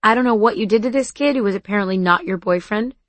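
A smug older brother ribbing his sibling in an offhand way, voiced by a woman reader. A storybook voice at middle pitch, dry and close. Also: fast talker, a bit bright, no echo, close to an everyday voice. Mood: teasing. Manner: teasing, offhand. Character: teasing older brother, teenage boy.

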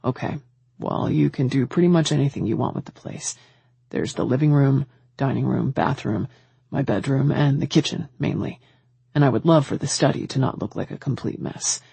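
A woman's voice: normal speed, vocal fry, warm tone, slightly rough, no room sound, exaggerated voice. A woman voicing a stern, guarded young man. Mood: offhand. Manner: stern, low and clipped.

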